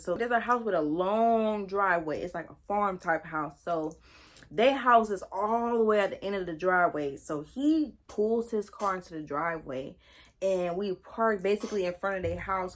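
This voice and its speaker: A young woman spins a story from her own past for her viewers with a lot of energy. She talks in in a loose, slangy way and keeps calling out "y'all." Her voice sits at an ordinary middle pitch for a woman. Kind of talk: casual storytime vlog.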